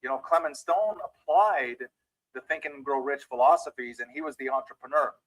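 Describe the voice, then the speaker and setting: A man's voice: mid-range voice, moderate pace, fairly bright tone, dry recording, rough recording. A man giving a motivational training talk as a mindset trainer, telling a story and speaking directly to his listeners.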